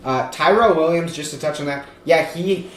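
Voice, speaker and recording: A man's voice: on the high side, normal speed. A young man hosting a casual fantasy football podcast, rambling with lots of fillers and joking asides. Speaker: podcast host. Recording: echoey room with faint noise.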